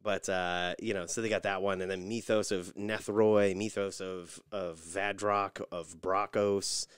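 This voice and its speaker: A man co-hosting a casual podcast, telling stories with lively mimicry of other people's voices. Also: deep voice, unhurried, clear, resonant tone, dry recording, clean studio sound. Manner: animated storyteller, mimics voices in anecdotes. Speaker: podcast co-host. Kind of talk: casual chat.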